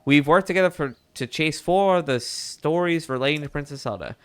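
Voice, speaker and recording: A man voicing an eager male bird news reporter with a put-on Mid-Atlantic accent, brisk and folksy. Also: a little high, fairly bright tone, clear, resonant tone, pitched above the performer's own voice, natural voice. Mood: chummy. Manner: brisk, folksy, keeps saying partner.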